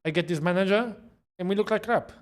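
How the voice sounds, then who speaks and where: A man with a London accent impersonating a fuming older male club president, complaining in a quick mock rant. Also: high-pitched, lightly acted.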